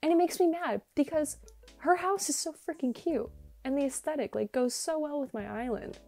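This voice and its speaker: An excitable young woman chats through her gameplay at home late at night, her mellow voice leaping into squeals and laughter. She records on earbuds, with faint game music underneath. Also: normal speed. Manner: excitable, laughing, big pitch jumps and squeals. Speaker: gaming YouTuber. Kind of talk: casual gameplay commentary.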